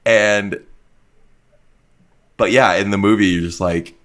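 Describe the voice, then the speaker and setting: A man with a low voice riffs on a movie with his co-hosts. He is animated and profane, putting loud emphasis on his reactions. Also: slow. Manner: animated, swears often, bursts of emphasis. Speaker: podcast co-host. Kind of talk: casual movie discussion.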